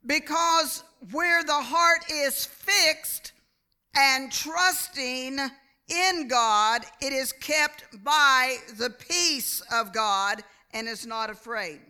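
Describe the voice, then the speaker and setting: Slow, bright-voiced woman preaching. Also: high voice. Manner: slow, deliberate delivery, calls for amens. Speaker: church speaker. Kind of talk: sermon.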